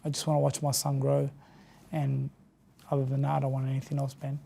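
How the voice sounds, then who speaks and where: A man's voice: medium pitch, monotone, brisk, vocal fry, mellow. A tired Australian man and former boxer, talking earnestly and emotionally as an interview guest. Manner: earnest, heartfelt, repeats words when moved.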